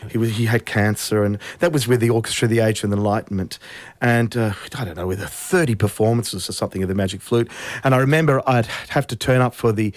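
A man's voice: quick pace, no room sound. A middle-aged man from Australia, a conductor telling anecdotes in an interview and acting out the voices he quotes. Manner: anecdotal, acts out quoted voices with rising pitch. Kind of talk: interview storytelling.

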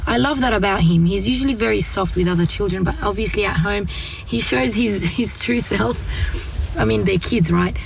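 A mother in a casual discussion who speaks calmly and gently, telling stories about her children. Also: medium pitch, normal speed, creaky, noisy background. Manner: calm, gentle, storytelling with acted quotes. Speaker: parent guest.

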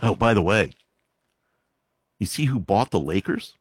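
A man's voice: lowish voice, animated, unhurried, breathy edge, dry recording. A man reading news items aloud and breaking off into sarcastic, exasperated commentary with frequent sighs.

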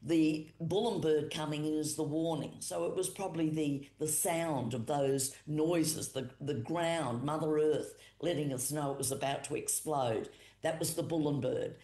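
A woman with an Australian accent telling a traditional creation story as a storyteller, unhurried and repetitive, with fillers. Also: sits low, a little mellow. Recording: roomy echo.

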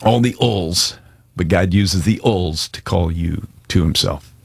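A man's voice: low voice, unhurried, creaky, husky, no room sound. A male pastor giving an earnest, conversational sermon and altar call, with casual slang.

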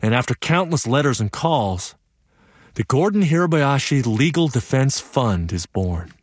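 Young male solo stage performer, very expressive swoops, animated narration. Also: medium pitch, measured pace, no room sound. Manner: vivid, animated storytelling. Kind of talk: one-man theatrical monologue.

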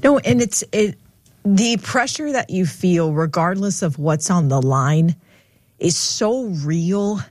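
A woman's voice: lowish voice, expressive, slow pace, darkish tone, no room sound. A woman co-hosting a morning talk show, musing in casual chat with lots of "like" and "I mean". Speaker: radio show co-host.

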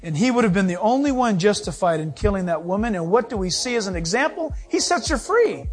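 A man's voice: high voice, sing-song, fairly quick, faint music behind. A middle-aged male pastor preaching a sermon, acting out quotes and laughing as he goes.

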